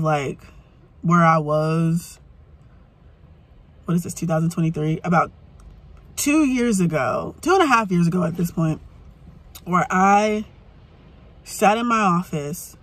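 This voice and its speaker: A burnt-out woman venting in a frustrated, halting rant from inside her parked car, starting over again and again. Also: lowish voice, big pitch swings. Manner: frustrated, halting, many restarts. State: burnt out and weary. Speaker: vlogger. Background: faint rain and vehicle ambience.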